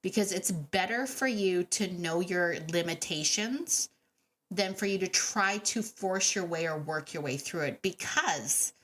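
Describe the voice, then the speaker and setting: A woman hosting a dog training podcast, telling stories in a chatty, animated way with laughs and fillers. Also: fairly low pitch, unhurried. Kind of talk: casual podcast monologue.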